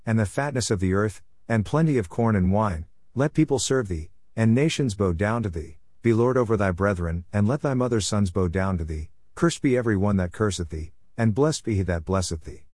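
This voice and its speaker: A man's voice: on the low side, animated, brisk, hardly any pauses, darkish tone, no room sound. A man reading as an aged solemn father. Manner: solemn King James cadence. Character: aged blind father blessing his sons.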